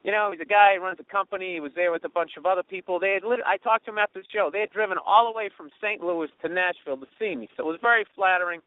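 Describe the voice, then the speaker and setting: A man hosting a comedy podcast, telling a story in a profane, animated way and mimicking the people in it. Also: high-pitched, rapid-fire, hardly any pauses, dry recording, phone-quality sound. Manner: profane, animated, does mocking voices of others. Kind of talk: storytelling monologue.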